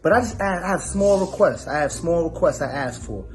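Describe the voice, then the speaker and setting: A man's voice: fairly high pitch, lively intonation, brisk. A married man co-hosting a podcast, venting in a playful, exaggerated way and teasing his wife. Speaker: co-host. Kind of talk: comedic podcast banter.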